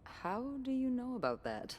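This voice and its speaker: An actress voicing an upbeat, crafty hotel worker who grew up on a farm, talking in a lively, good-humored way. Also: female voice, on the high side, moderate pace, slight background noise. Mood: playful. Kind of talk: voiced game dialogue. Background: game music.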